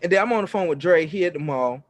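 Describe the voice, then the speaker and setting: A man's voice: on the high side, fast, no room sound. A middle-aged man co-hosting a podcast, telling family stories in casual chat and acting out quotes with lots of laughter. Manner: animated storytelling, acts out quotes loudly, laughs often. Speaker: podcast co-host.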